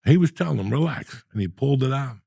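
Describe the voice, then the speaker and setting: A man in his sixties telling a story in casual, profane, animated style, with loud outbursts. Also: medium pitch, fast, gravelly, slightly rough, no room sound, clean studio sound. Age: 60s. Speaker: podcast host.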